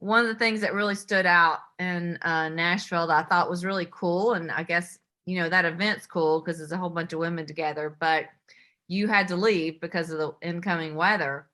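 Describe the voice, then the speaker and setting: A woman hosts a podcast in easy, friendly conversation, agreeing often and drawing her guests out. Her voice has a bright, forward edge. She keeps a relaxed, chatty pace. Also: fairly low pitch, fairly quick. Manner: friendly, agreeable, lots of yeahs. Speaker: podcast host. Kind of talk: casual podcast chat.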